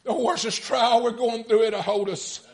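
A man preaching, retelling a story in folksy speech and building to fervent, near-shouted peaks. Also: very high voice, steady tone, normal speed, vocal fry. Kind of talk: storytelling sermon.

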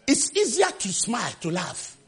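A man preaching a sermon with passion, shouting refrains and acting out the scripture quotes. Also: wildly swooping pitch, moderate pace, breathy edge. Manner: acts out quotes with sudden pitch jumps.

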